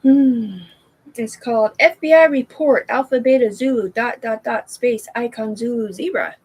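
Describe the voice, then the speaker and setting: Woman vlogger, husky voice, home livestream, rambling and tangential. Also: on the high side, moderate pace, a little mellow, poor audio. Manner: rambling, tangential, with many fillers and restarts. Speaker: vlogger talking to viewers.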